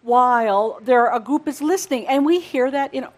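A woman co-hosting a live gathering, chatting casually and warmly welcoming guests by name. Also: high-pitched, moderate pace.

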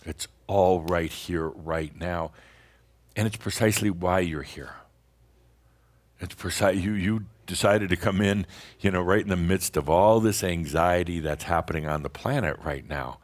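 A man with a very low, deep voice holds forth to a live group in a spiritual talk. His delivery is loose and rambling, full of chuckles and restarts, teasing his listeners as he goes. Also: measured pace. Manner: rambling, playful, chuckles often, many restarts. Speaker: spiritual teacher addressing an audience.

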